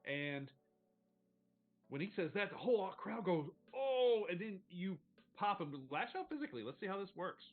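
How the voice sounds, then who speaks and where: A man's voice: sits high, big pitch swings, normal speed, narrow, tinny audio. A man running a tabletop game as game master, narrating casually, rambling and swearing freely.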